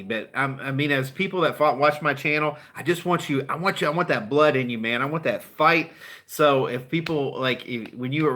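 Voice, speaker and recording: Man, middle-aged, car dealer vlog host, profane fired-up pep talk, forceful tone. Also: medium pitch.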